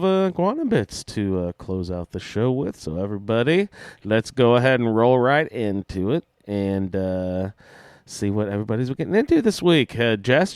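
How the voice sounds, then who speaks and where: A man's voice: mid-range voice, smooth, no room sound, clean studio sound. A man hosting a casual podcast, joking around with frequent fillers. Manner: jokey, lively, with frequent fillers. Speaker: podcast host.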